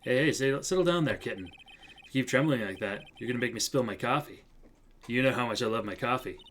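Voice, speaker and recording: A cocky senior lawyer from a courtroom game, voiced by a man who drops into a low, hushed, teasing drawl. He sounds amused and sure of himself, and his lines sink almost to a murmur. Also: fast, slight background noise, natural voice. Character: smooth, cocky older male mentor lawyer.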